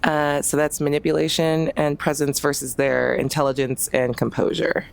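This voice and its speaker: A woman's voice: low voice, level tone, normal speed, creaky, clean tone. A woman playing in a tabletop game, talking casually with lots of "like". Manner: casual, filler-heavy, laughing. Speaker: player. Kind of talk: tabletop role-play chat.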